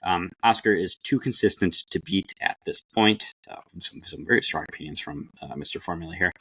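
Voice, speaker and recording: A man's voice: low voice, brisk, few pauses, fairly bright tone, breathy edge, no echo. A man co-hosting a podcast in casual chat, talking with many fillers and restarts. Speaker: podcast co-host.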